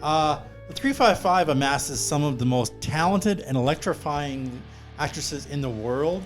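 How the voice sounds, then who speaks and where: A man co-hosting a movie review podcast, chatting in a joking, relaxed way with plenty of "uh"s. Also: on the high side, measured pace, faint music behind. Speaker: podcast co-host, film reviewer.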